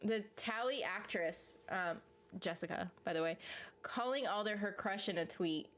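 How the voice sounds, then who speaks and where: A woman's voice: mid-range voice, normal speed, fairly bright tone, a little hiss or hum. A woman talks loosely on a live stream, reading out viewer comments and reacting in a rambling, conversational way. She laughs often and drifts between thoughts. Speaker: YouTube streamer reading chat. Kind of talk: casual live-stream chat about a TV series.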